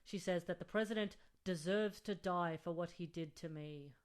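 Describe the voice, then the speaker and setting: A woman's voice: fairly low pitch, clean tone. A woman in casual podcast chat about a film, wry and joking as she riffs on ideas. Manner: wry, joking, quick to riff.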